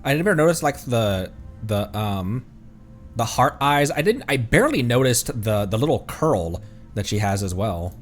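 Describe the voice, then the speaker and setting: A man's voice: medium pitch, animated, normal speed, faint music behind. A male streamer giving casual gameplay commentary, joking, laughing often and talking back at the game.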